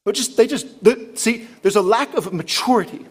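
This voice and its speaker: A man preaching a sermon in an animated way, asking many rhetorical questions and rising to emphatic peaks. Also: sits high, moderate pace, breathy edge. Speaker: pastor.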